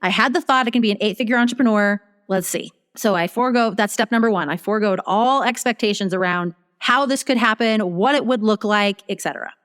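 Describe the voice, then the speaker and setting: A guest business strategist in a casual interview relates her story with animation, dramatizing her inner dialogue. Her clean, mid-range voice runs a little fast with few pauses, trailed by a long reverb tail.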